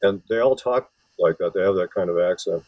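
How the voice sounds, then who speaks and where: A man's voice: low-pitched, a little fast, a little mellow, no room sound, highs cut off. A man from Wisconsin, an author and film scholar, giving long rambling interview answers full of restarts. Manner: rambling, many restarts and fillers.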